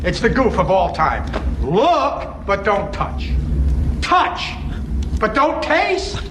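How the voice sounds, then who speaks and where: A sneering, theatrical devil who draws his words out slowly, then spits them. The voice rides high and lively. The scene carries a roomy echo and clear background ambience from the film soundtrack. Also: noisy background, heavily acted. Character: sneering devil ranting about his maker.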